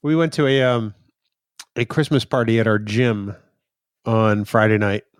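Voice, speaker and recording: A man co-hosting a podcast in casual banter, teasing his partner and quick to laugh. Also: on the low side, smooth, no echo. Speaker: podcast co-host.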